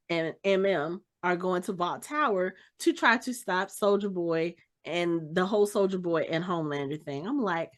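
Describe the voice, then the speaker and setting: A woman co-hosting a podcast, recapping a TV episode in casual chat and acting out the characters' lines as she tells it. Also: on the low side. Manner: animated storyteller, acts out scenes in quotes. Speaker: podcast co-host.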